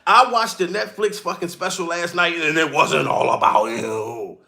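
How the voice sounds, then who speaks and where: A man's voice: fairly high pitch, moderate pace, creaky, sharp tone. A comedian streamer ranting profanely and mockingly on a live stream, calling out to chat as he goes. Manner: profane, heated, mocking rant.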